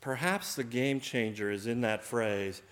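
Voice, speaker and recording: A man preaching a sermon, animated, acting out the voices of the people in the story. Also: medium pitch, measured pace, echoey room. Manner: animated, acts out voices of biblical figures.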